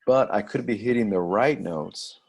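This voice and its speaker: A man with a very deep voice and a gravelly rasp hosts a casual livestream chat. He asks probing questions and tends to repeat them as he presses his point. His tone stays conversational throughout. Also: moderate pace, a little mellow. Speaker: livestream host.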